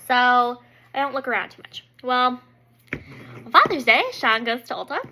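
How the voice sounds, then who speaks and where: A makeup vlogger in her thirties chats casually at her kitchen table at home, rambling through a story packed with "like" and "um." Her voice is on the high side at normal speed, and she animatedly acts out quotes. The audio is poor, with slight background noise.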